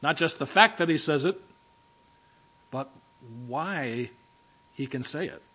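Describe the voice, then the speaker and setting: A man's voice: on the high side, animated, takes it slowly, pushed and bright, slightly rough, muffled recording. A man preaching a sermon as pastor, talking conversationally and directly to his congregation in a church.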